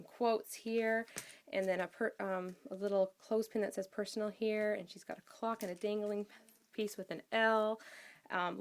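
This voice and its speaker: A woman chatting casually as she shows a handmade scrapbook album, gushing with praise and pausing often with ums. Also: medium pitch, vocal fry. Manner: enthusiastic, gushing, with many ums. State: out of breath. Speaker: craft vlogger.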